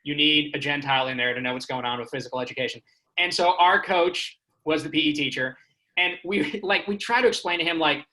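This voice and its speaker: A man's voice: fairly high pitch, lively intonation, a little fast, bright, forceful tone, rough recording. A man from Houston, Texas doing a stand-up comedy set with self-deprecating storytelling. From Houston, Texas, United States. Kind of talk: stand-up comedy on a remote stream.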